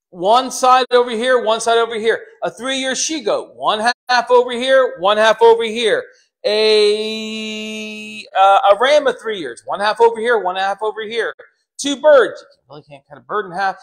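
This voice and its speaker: Man, preacher, sermon to a congregation, fairly high voice, acts out quotes. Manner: animated, dramatizes quotes with put-on voices; talks directly to congregation members. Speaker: pastor.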